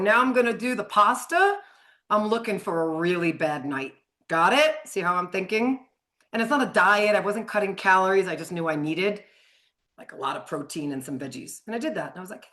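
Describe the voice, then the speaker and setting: A middle-aged woman leads a live online training as a sugar addiction coach. She talks in a chatty, frank way, drops casual swear words and laughs often. Her voice sits at an ordinary middle pitch. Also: a bit bright.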